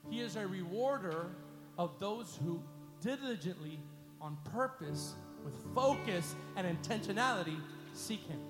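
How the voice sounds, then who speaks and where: A man preaching a sermon as pastor, leading his congregation in call-and-response and climbing to loud, emphatic peaks. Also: high voice, expressive, unhurried. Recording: echoey hall with faint music.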